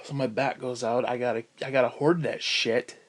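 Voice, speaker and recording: A man in pain ranting angrily and profanely to camera, swinging between loud outbursts and low mutters. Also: fairly even intonation, normal speed. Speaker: vlogger.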